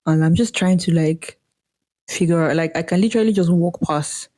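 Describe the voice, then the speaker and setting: A young woman with a Nigerian accent chats as a podcast co-host, laughing readily and slipping into the voices of the people in her stories. Her voice sits fairly low and sounds mellow and soft-edged. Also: normal speed. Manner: laughing, animated storyteller who acts out quotes. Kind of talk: casual chat.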